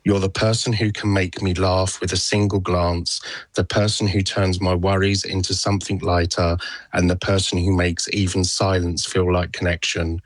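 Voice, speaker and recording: Calm man reading a love letter. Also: low-pitched, dry recording. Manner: calm, measured, tender.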